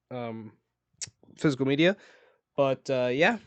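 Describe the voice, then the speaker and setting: A man's voice: medium pitch, moderate pace, a bit bright, smooth, no room sound. A young man chatting casually about his movie collection, rambling and correcting himself, often laughing. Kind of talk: casual chat.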